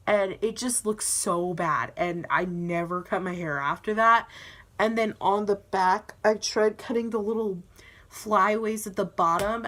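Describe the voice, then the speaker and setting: Her voice is bright, clear and medium-pitched: a teenage girl vlogging to her camera at home. The story spills out loose and giggly, littered with "like" and "um," while she acts out the other voices herself.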